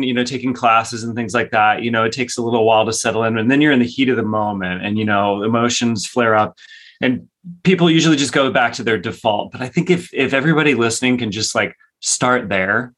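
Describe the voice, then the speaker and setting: A man's voice: medium pitch, fairly bright tone. A man co-hosting a podcast, speaking casually in a rambling way with many restarts. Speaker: podcast co-host.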